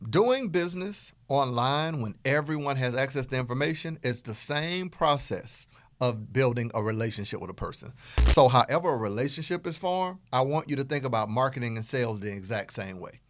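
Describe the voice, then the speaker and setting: A middle-aged man with a Southern US accent, hosting a podcast and giving an energetic motivational business talk in a playful, animated way. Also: mid-range voice, brisk, dry recording. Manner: animated, playful, acts out dialogue in quotes. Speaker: podcast host and business coach.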